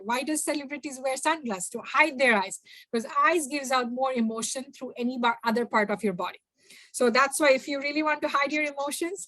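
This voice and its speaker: A young woman giving a workshop talk, addressing the audience directly in an animated way. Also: sits high, dry recording. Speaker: workshop speaker. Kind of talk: workshop talk mixing two languages.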